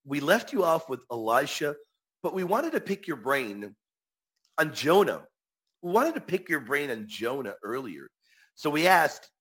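A man's voice: on the high side, pushed and bright, breathy edge. A man answering viewer questions on faith in a casual live talk, emphatic and repeating his key phrases.

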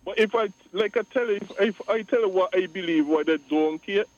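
A man's voice: sits high, fairly quick, darkish tone, muffled recording. A man on a call-in radio show, speaking emphatically and repeating his points. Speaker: radio guest. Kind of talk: call-in talk radio discussion.

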